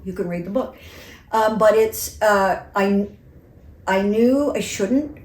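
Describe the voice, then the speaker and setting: A woman co-hosting a casual chat, telling stories in a lively, chatty way. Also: medium pitch, a little hiss or hum. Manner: lively, chatty storyteller who laughs easily. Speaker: co-host. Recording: roomy echo.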